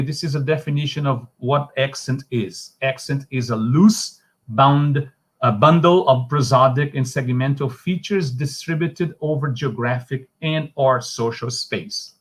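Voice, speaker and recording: A man with a Brazilian Portuguese accent, a native Portuguese speaker giving an academic online lecture in a halting, discursive way with frequent restarts. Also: medium pitch.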